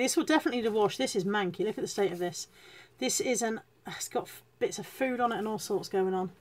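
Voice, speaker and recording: A woman chatting casually to viewers on a live stream, self-deprecating and greeting people as she goes. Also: fairly high pitch. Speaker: reseller hosting a live stream.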